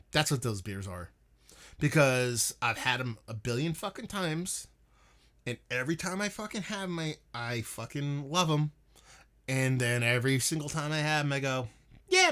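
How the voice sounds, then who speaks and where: A young man from the northeastern United States hosts a casual beer livestream in a fairly high, bright, forceful voice. He rambles with lots of swearing while reading out and answering chat comments.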